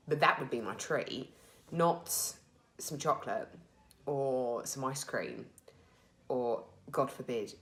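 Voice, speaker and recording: A woman's voice: rumbling low, a bit bright. A woman in her thirties with a British accent, talking candidly and a little emotionally in a rambling personal video diary, full of fillers and restarts. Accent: British English. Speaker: vlogger sharing her recovery.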